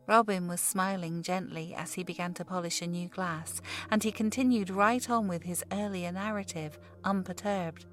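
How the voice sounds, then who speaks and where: A woman's voice: mid-range voice, normal speed, hardly any pauses, faint music behind. Woman narrating a ghost story. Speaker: audiobook narrator. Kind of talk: scripted narration.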